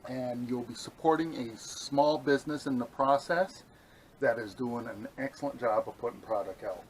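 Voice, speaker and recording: A man's voice: medium pitch, moderate pace, poor audio. Enthusiastic rambling man outdoors. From New York state. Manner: enthusiastic, rambling, talks while eating. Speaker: outdoor vlogger. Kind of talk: casual cooking review vlog. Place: outdoors at a campsite.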